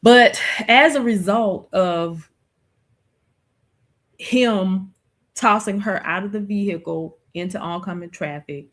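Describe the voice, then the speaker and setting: A woman hosting a livestream, talking slowly and reflectively in a casual chat with plenty of fillers. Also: mid-range voice, a bit bright. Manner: slow, reflective, conversational with many fillers. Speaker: streamer host.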